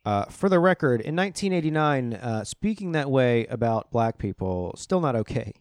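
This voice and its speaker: A man's voice: mid-range voice, very animated, normal speed, smooth, dry recording, clean studio sound. A man hosting a political commentary show, ranting in a heated, sarcastic and profane way. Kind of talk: ranting solo podcast commentary.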